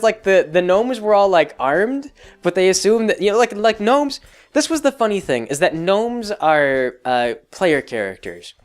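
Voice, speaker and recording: A man's voice: a little high, smooth. A man running a tabletop game recaps a session in casual chat. He rambles amusedly, full of "like" and restarts. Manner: amused, laughs along as he tells it. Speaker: game master and host.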